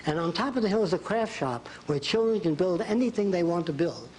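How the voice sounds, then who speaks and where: A man's voice: high voice, lively intonation, a little fast, a little mellow, slight background noise, rough recording. An older man giving a folksy college lecture at a blackboard, acting out quotes. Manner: folksy, drawing on a blackboard while talking, acts out quotes. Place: lecture hall.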